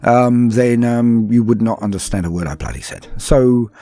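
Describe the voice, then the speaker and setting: A man's voice: mid-range voice, normal speed, warm tone. A British man from London hosting a casual podcast, answering patron questions in a chatty, self-deprecating way with frequent ums and asides. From London, England. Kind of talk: casual Q&A chat.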